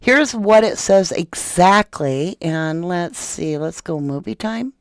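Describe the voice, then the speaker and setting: A woman's voice: fairly low pitch, lively intonation, slow pace, dry recording, studio quality. A woman hosting a true crime podcast in a casual, chatty way, talking straight to her viewers and reading a document aloud.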